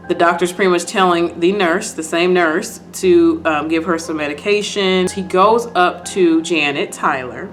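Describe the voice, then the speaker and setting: A woman's voice: lowish voice, a bit bright. A woman casually recapping and reacting to a TV episode, chatty and repetitive, with lots of "like" and "you know". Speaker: video host.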